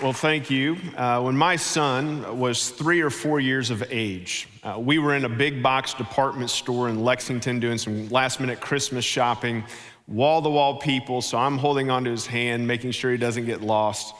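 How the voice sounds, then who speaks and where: A man's voice: medium pitch, moderate pace. A middle-aged man, a guest pastor telling stories humorously in a sermon in a church auditorium. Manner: humorous, animated storytelling. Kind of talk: sermon with storytelling. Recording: church hall reverb.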